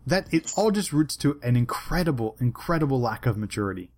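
A man co-hosting a podcast in casual chat, talking in a lively way and swearing often. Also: mid-range voice, brisk. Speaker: podcast co-host.

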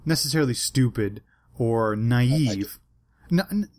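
A man co-hosting a podcast in casual chat, talking in a lively way and swearing often. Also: medium pitch, a little slow, a little hiss or hum. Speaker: podcast co-host.

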